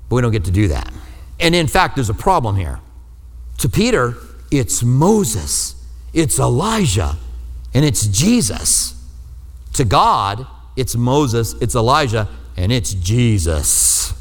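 A man's voice: a little high, fairly bright tone, in a large hall. A male pastor giving a sermon in a conversational style, with joking asides between scripture readings. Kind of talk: expository sermon on radio.

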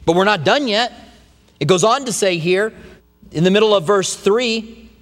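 A man in his fifties preaching a sermon, folksy and animated, with homey stories, humor and slow, stressed phrases. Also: sits high, long reverb tail. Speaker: pastor.

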